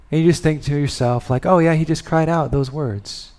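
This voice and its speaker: A man preaching a sermon and leading a prayer, speaking with long pauses and letting phrases fall soft and low. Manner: slow, deliberate delivery with long pauses and soft endings; rises in intensity on key words, then drops low. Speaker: pastor.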